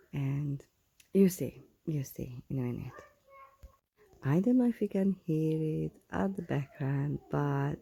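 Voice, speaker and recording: Woman, gravelly low voice, chatty nail tutorial voice-over, whispered asides. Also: no room sound. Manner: chatty, addresses viewers directly, slips into soft whispered asides. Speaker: nail technician, channel host. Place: at home.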